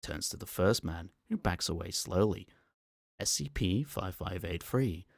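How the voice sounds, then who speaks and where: A man reading a horror story aloud as an ASMR narrator, calm, measured and matter-of-fact, on a close microphone. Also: low voice, vocal fry, no room sound.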